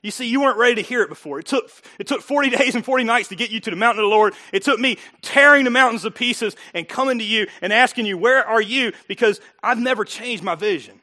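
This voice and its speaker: Man preaching a sermon, high voice, bright tone, hushed asides then loud emphatic lines, frequent laughs. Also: quick pace, hardly any pauses. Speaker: pastor.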